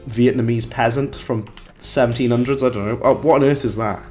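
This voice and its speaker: Brief: young male game streamer, mid-pitched voice, talkative, reacts out loud as he plays. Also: steady tone, brisk, faint music behind. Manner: chatty, reacts aloud and banters with chat. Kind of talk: live gameplay commentary.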